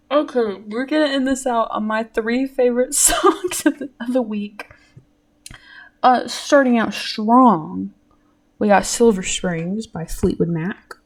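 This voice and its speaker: A woman's voice: on the high side, measured pace. Teen woman, solo podcast host, rambling casual chat, giggly.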